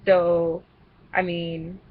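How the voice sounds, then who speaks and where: A young woman casually discussing a book she read, talking in an animated, rambling way. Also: on the low side, drawn-out words, phone-quality sound. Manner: animated, rambling, laughs at her own jokes. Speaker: vlogger reviewing a book.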